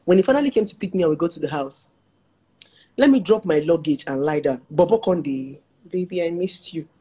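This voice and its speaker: Husky Nigerian woman, frank and animated. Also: deep voice, fairly quick. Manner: animated, frank, laughs while telling stories. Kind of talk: casual chat and personal storytelling.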